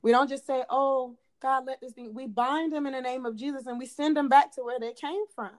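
Young woman guest, slightly high voice, earnest and preachy, repeats lines for emphasis. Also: fairly even intonation, fast, a little mellow. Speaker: podcast guest, PA student. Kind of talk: faith-based podcast conversation.

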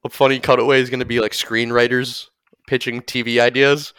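Brief: young male co-host, loose and crude, riffing skit ideas in a clear voice. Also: mid-range voice, level tone, a little fast, fairly bright tone, dry recording, studio quality. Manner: riffs on skit ideas, swears, laughs often. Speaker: podcast co-host. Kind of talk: casual crude comedy chat.

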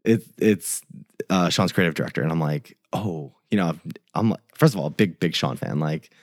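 A man's voice: sits low, lively intonation, brisk, no echo, studio quality. A young man, a tour photographer, telling a story in a loose, swearing way and acting out the quoted dialogue. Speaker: tour photographer, podcast guest. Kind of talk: casual storytelling.

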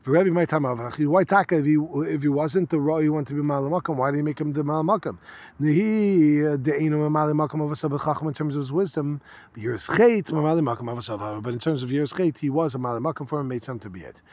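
Slightly high-voiced man teaching Talmud. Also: darkish tone, no echo. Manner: reads Aramaic in quick bursts, then explains in casual English; conversational, asks rhetorical questions. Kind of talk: line-by-line Talmud class.

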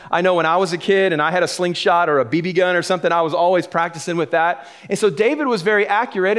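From the pulpit of the sanctuary, a middle-aged man delivers his sermon with jokes and an easygoing manner, breaking into laughter between points. As a pastor, he speaks with a brightish voice on the high side.

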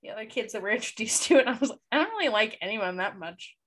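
A young woman co-hosts a casual podcast chat in a bright, slightly high voice. She gushes and gets emotional easily, and she laughs often. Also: sing-song, fast talker. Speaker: podcast co-host.

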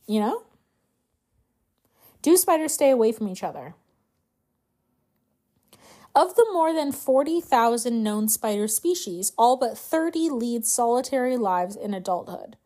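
Animated, profane young woman ranting. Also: on the high side, unhurried, pauses often. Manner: thinks aloud while looking things up. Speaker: podcast host. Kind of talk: casual solo podcast chat.

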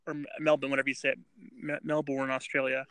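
Halting man telling a true-crime story. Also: medium pitch, completely flat delivery, pushed and bright, no echo. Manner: halting, many restarts and fillers. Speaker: podcast co-host. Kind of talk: casual true-crime chat.

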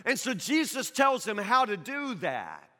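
A man's voice: sits high, very animated, a little slow, bright, forceful tone. A man preaching a sermon in a conversational, questioning way, repeating his points for emphasis. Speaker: pastor. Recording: long reverb of a large hall.

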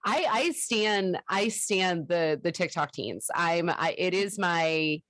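Low-voiced sarcastic woman in her forties. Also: slow pace, no echo. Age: 40s. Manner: animated, opinionated, sarcastic, stammering restarts. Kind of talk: casual podcast chat.

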